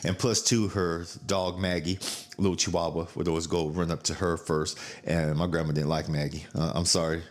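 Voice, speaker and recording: A man's voice: sits low, flat delivery, normal speed. A man hosting a podcast in casual chat, blunt and profane, laughing as he tells family stories. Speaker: podcast host.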